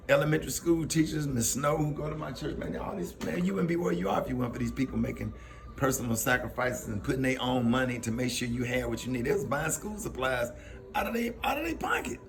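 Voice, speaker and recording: A middle-aged man with a Southern accent from Alabama, a comedian telling a personal story in a casual, animated way, often laughing and acting out the people he quotes. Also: mid-range voice, quick pace, creaky, slight background noise.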